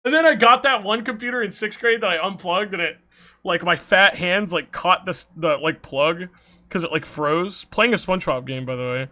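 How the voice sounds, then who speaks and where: High, bright-voiced young streamer man. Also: normal speed. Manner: animated, swearing, laughing often. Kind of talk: casual storytelling to chat.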